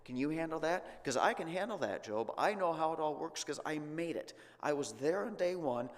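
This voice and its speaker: A man voicing an almighty male God who fires off booming, sarcastic, challenging questions in a sermon role-play. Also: expressive, normal speed, in a large hall.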